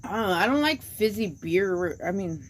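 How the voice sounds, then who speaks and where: A woman's voice: medium pitch, animated, moderate pace, a little hiss or hum. A woman chatting casually on a livestream, slangy and joking, a little tipsy.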